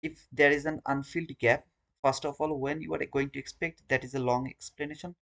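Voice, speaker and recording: A man's voice: mid-range voice, fairly even intonation, brisk, creaky, a bit bright. Earnest man hosting a trading live stream. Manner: earnest, informal, talks straight to viewers.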